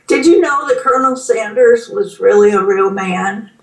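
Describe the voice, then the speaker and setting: A woman in her fifties with a Southern American accent, chatting in a slow, storytelling way on a video call. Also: medium pitch. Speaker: interviewee. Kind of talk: casual chat. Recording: roomy, distant mic sound.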